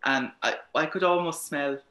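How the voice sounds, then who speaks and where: A man's voice: fairly high pitch, normal speed, bright, forceful tone. A man co-hosting a podcast, chatting casually with frequent laughs and fillers. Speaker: podcast co-host. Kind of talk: casual chat. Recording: roomy echo.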